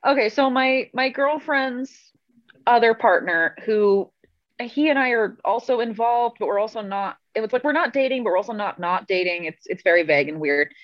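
A woman's voice: a little high, expressive, moderate pace, no room sound, muffled recording. A woman guest on a video call, telling rambling, self-amused stories in a casual chat. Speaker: podcast guest.

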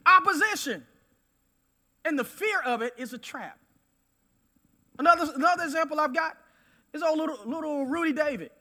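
High, bright-voiced male preacher. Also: brisk, pauses often. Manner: emphatic, repeating phrases, swings from loud to hushed. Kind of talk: sermon.

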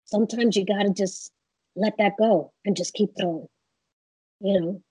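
A woman guest in a casual interview, telling animated stories and acting out what people said. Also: mid-range voice, normal speed, breathy edge, dry recording, poor audio. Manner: animated storyteller, acts out quotes.

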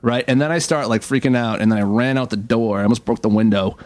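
A man's voice: mid-range voice, fast, darkish tone. A young man co-hosting a comedy radio show, telling a long story in a rambling way with many fillers. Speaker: co-host. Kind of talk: casual comedy radio chat.

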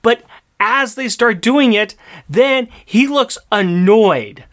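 High male voice, very expressive, playful host running the segments. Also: takes it slowly. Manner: playful, leads segments, laughs often. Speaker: podcast co-host. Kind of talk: casual chat reviewing a comic.

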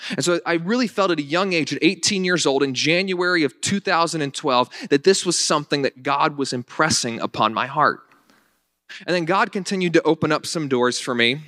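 A pastor in his late twenties preaching a sermon in a conversational, energetic way, often restarting his sentences. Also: fairly high pitch, fairly quick, no echo, clean studio sound. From Northern Virginia. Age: late 20s.

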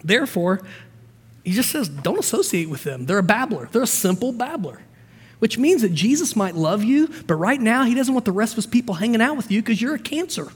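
A man preaching a sermon as pastor, telling stories softly, then pressing his points with emphasis. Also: high voice, very animated, brisk, husky, in a large hall. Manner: preaching with stories, swings from soft storytelling to emphatic.

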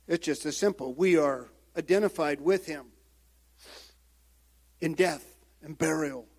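A man preaching a sermon as pastor, swinging from loud emphatic calls down to quiet, low-spoken passages. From United States.

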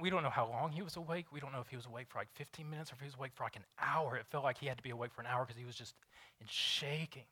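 A man's voice: mid-range voice, rapid-fire, pushed and bright. A man in his thirties preaching a sermon in a conversational, storytelling way, often restarting sentences. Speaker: pastor.

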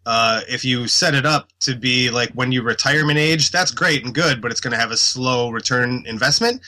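A man with a bright, forceful voice at an average pitch, chatting as a podcast co-host. He explains his points loosely, leaning on fillers. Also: normal speed, rough recording. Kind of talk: casual chat.

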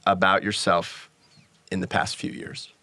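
A man's voice: low voice, flat delivery, unhurried, vocal fry, pushed and bright, no room sound. A man hosting a discussion, encouraging and loose, reading out a question from the audience. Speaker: host. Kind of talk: hosted discussion.

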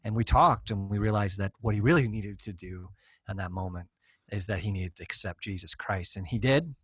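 A man, a pastor, chatting excitedly on a church podcast, teasing his co-hosts and restarting his sentences. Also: fairly low pitch, a little fast, breathy edge, no echo. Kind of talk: casual church podcast chat.

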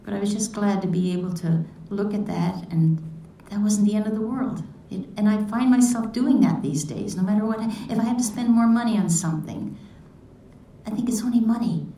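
A woman's voice: mid-range voice, brisk, hardly any pauses, mellow, a little hiss or hum. Reflective woman in an echoey room. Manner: reflective, asks many questions. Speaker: devotional speaker. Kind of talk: personal devotional talk. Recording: echoey room, mic at a distance.

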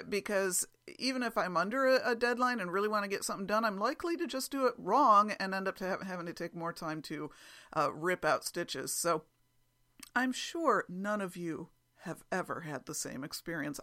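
Woman hosting her own podcast; bright, chatty, quick to laugh at herself. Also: medium pitch. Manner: chatty, self-deprecating, laughs often. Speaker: podcast host. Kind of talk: casual solo podcast chat.

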